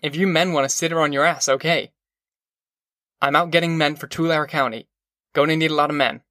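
A man's voice: a little high, steady tone, brisk, bright, forceful tone, no echo, studio quality. A man reading a story, voicing a cocky, pushy male labor contractor who answers brusquely and defensively. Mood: dismissive.

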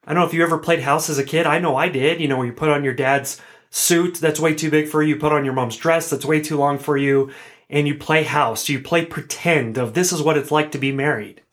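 A man's voice: fairly high pitch, steady tone, a little fast, fairly bright tone. A man hosting a podcast on his own, talking in an earnest, chatty way and often restarting or correcting himself. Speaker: podcast host. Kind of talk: solo podcast talk, casual.

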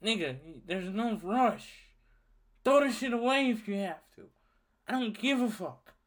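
A young man in his twenties from Louisiana, hosting a solo podcast and telling a story in a heated, profane, animated rant. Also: sits high, unhurried. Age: 20s. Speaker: podcast host. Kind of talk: ranting solo monologue.

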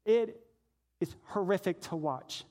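Man, high voice, pastor, sermon, storytelling, hushed to shouting. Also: takes it slowly.

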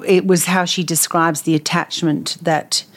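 A woman with a notably low voice, co-hosting a relaxed talk show. She agrees readily and jumps in with quick interjections. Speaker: podcast co-host. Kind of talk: casual chat.

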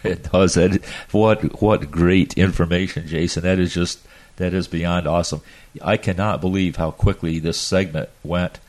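A man's voice: sits low, steady tone, moderate pace, a little mellow. A man hosting a radio show, upbeat and full of praise as he wraps up an interview.

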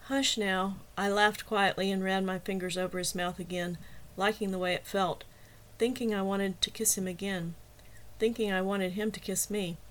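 Woman narrating a novel, measured. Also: medium pitch, fairly even intonation. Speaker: author reading her own novel. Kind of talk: audiobook narration.

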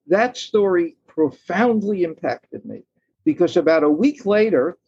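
Male guest storyteller, husky and slightly high voice, dry lo-fi sound. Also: animated, measured pace, a little mellow, no echo. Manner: thoughtful storyteller, acts out quoted lines. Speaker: guest author. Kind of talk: storytelling in a podcast interview.

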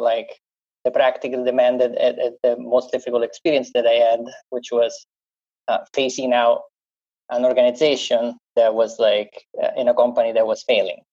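A man with an Italian accent answers on a podcast panel, halting and full of fillers. His voice is mellow and fairly level in pitch. The recording sounds dull and lo-fi. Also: creaky. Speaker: panel guest.

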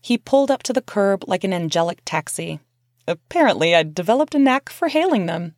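A woman narrates her own memoir in a candid, conversational voice with casual swearing. Her pitch is an ordinary middle register. The recording is close and dry. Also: animated, brisk, darkish tone, dry recording.

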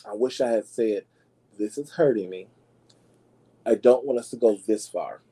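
Sassy man dishing gossip, mellow tone. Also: moderate pace, husky, rough recording. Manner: sassy, dramatic, addresses listeners as y'all; swoops into high squeals for emphasis. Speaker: podcast host. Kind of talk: casual gossip commentary.

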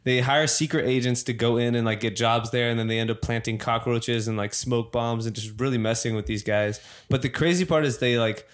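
A young man chats casually with friends, rambling through a story with constant fillers. He slips into quick put-on voices for the people he quotes. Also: medium pitch, fairly even intonation. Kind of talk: casual chat.

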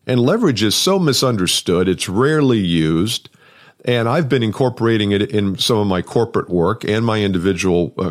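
A man, a sales and business coach, talks alone on his podcast in an energetic, conversational way, often repeating words for emphasis. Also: on the low side. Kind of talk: solo podcast monologue.

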